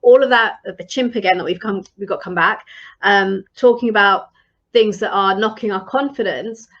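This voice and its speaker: A woman's voice: mid-range voice, normal speed, a bit bright, muffled recording. A woman leadership coach giving advice in a live-streamed talk, earnest and encouraging, with frequent ums and restarts.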